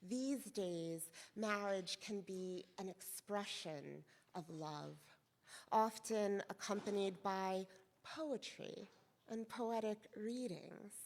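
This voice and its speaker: A woman minister giving a soft, reflective sermon, lingering on her words. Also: mid-range voice, vocal fry, big-room sound. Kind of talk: slow, gentle sermon. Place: church sanctuary.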